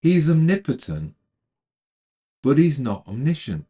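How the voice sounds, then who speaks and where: A man narrating a retelling of a film's plot in a calm, measured way, then adding his own commentary. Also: fairly high pitch, slightly rough. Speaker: storyteller retelling a film.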